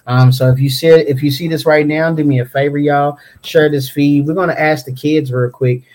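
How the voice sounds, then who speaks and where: Young parent, casual livestream chat, rambling, mid-pitched voice. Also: steady tone, normal speed, darkish tone. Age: young adult. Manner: rambling, many ums and restarts. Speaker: parent hosting a family livestream.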